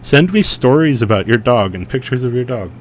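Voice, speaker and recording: A man's voice: mid-range voice, lively intonation, fairly quick, very noisy. Rambling playful male stream host. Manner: playful, rambling, repeats himself. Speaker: livestream host. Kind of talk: rambling livestream chat.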